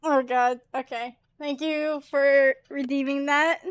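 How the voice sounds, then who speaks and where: A woman's voice: high voice, fairly even intonation, slow, no echo. A woman streamer giving casual, giggly and exclamatory commentary while playing a game.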